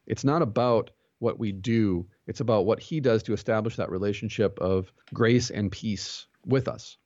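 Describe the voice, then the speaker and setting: A man's voice: on the low side, moderate pace, a little mellow, no room sound, muffled recording. A man who is a pastor and jiu-jitsu instructor, talking earnestly as a podcast guest and telling stories with quoted dialogue. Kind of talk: conversational interview.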